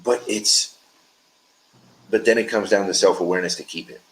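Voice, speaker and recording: A man speaking as a guest in a casual conversation, emphatic and talking in quick bursts. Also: low voice, steady tone, fairly bright tone, low-quality recording.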